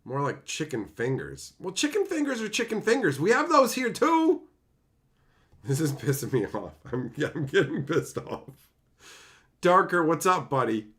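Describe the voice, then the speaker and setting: A man ranting at chat, pitch leaping high. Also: huge pitch swings, moderate pace, fairly bright tone. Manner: profane, exasperated ranting at chat. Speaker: streamer reading chat. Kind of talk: casual live-stream chat.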